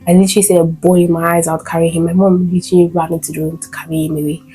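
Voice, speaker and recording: A young woman vlogging casually about new motherhood, chatty with many fillers and sudden animated bursts. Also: lowish voice, rapid-fire, low-quality recording. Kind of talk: casual storytime vlog. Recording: faint guitar music behind.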